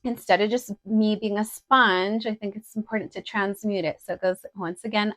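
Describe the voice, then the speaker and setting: A woman's voice: mid-range voice, steady tone, moderate pace, few pauses, a bit bright, dry recording. A young woman chatting casually through a clothing try-on, direct and full of fillers. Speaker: vlogger. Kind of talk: casual try-on haul chat.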